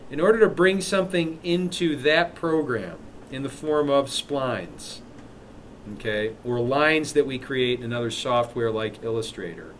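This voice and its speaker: A man teaching a live software class, walking students through steps with chatty, joking asides. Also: medium pitch, a little slow, a little hiss or hum. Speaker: instructor.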